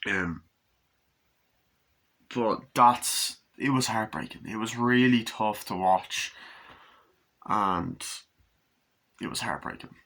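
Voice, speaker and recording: This casual movie review comes from a man who talks slowly, pauses often, and sounds a bit bright. He swears freely, wanders off topic, and performs scenes in high, exaggerated voices, all recorded on a camera mic.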